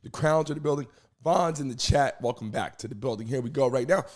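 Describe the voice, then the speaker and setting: A man hosting a live stream show, hoarse from losing his voice, talking casually and energetically while greeting viewers in the chat. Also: medium pitch, quick pace, darkish tone.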